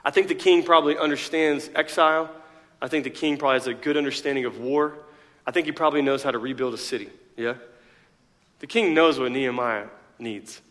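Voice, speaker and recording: A man's voice: mid-range voice, a little fast, a bit bright, big-room sound. A male pastor preaching a sermon in a conversational way, full of rhetorical questions and joking asides.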